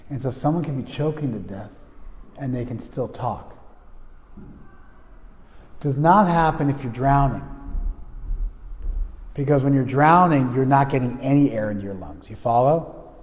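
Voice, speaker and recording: Man, spiritual teacher, casual group talk, restarts and checks with listeners, middle-pitched voice, lingering reverb. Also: unhurried, pauses often. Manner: conversational, frequent restarts, checks listeners with "you follow?".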